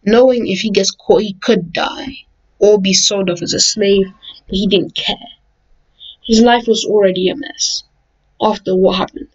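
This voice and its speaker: A woman's voice: mid-range voice, fairly even intonation, measured pace, slightly rough, muffled recording. A woman casually telling a made-up story in a loose, rambling way, chaining events with "and" and correcting herself along the way. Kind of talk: casual fan-fiction narration.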